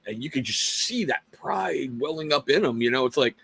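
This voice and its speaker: A man's voice: medium pitch, animated, fairly quick, gravelly, hardly any pauses, fairly bright tone, slightly rough. A middle-aged man from Washington State hosting a casual live talk show, speaking earnestly to viewers with rambling, self-mocking asides. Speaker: livestream host.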